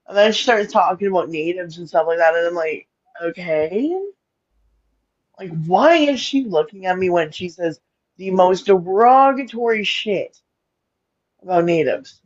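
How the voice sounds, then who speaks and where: A woman from Alberta, Canada, telling stories in casual podcast chat, blunt and animated, swearing freely. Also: on the low side, moderate pace. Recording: dull lo-fi sound.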